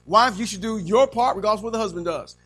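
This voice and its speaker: Brief: male preacher, high, bright voice, faint music underneath. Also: fast talker, poor audio. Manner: call-and-response, animated, frequent amens. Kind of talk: sermon.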